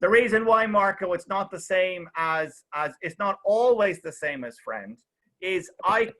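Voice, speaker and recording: A young man runs a relaxed online English lesson, talking in a bright, slightly high voice. He explains with example after example and keeps checking in with his students. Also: measured pace. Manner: chatty, explains with many examples and checks "okay?". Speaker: English teacher. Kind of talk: casual online class.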